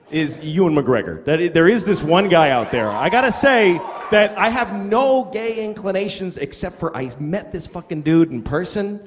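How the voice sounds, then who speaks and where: A man performing a profane, ranting stand-up comedy routine on stage. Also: high-pitched. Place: live comedy venue. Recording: echoey live club with audience noise.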